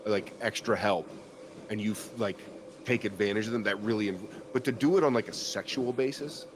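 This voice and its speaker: Low-voiced, rambling, profane man. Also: brisk, background noise. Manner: rambling and profane, full of fillers. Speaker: podcast host. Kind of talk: casual podcast chat.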